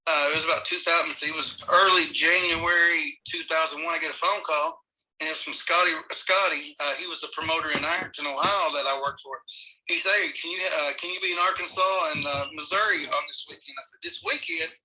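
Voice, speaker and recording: A middle-aged man, casually telling rambling, animated stories as a podcast guest. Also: fairly high pitch, brisk, a little hiss or hum, poor audio. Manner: rambling, animated, with many restarts. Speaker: guest, former amateur wrestler. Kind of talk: casual storytelling.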